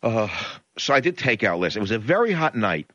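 A male talk radio host tells a grievance in a ranting, indignant rush, his pitch leaping up and down. His voice is bright and forceful. The sound is dry and a little dull, like an old radio broadcast. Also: big pitch swings, no room sound. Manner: ranting, indignant, rapid storytelling.

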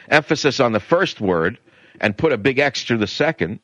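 A man's voice: medium pitch, sing-song, brisk, fairly bright tone, no room sound, dull audio. Blunt, ranting male talk radio host. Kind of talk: political talk radio monologue.

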